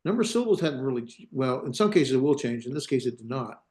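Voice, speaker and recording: A man's voice: mid-range voice, lively intonation, fast talker, a little mellow. A male teacher giving a classroom lecture on grammar, thinking aloud, hesitating and correcting himself as he goes. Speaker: Hebrew teacher.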